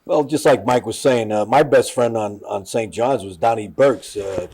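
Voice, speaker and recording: A man's voice: medium pitch, moderate pace, creaky, a little mellow, breathy edge. An older man, a former college basketball player, reflecting easygoingly as an interview guest and tagging phrases with "man". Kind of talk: reflective conversation.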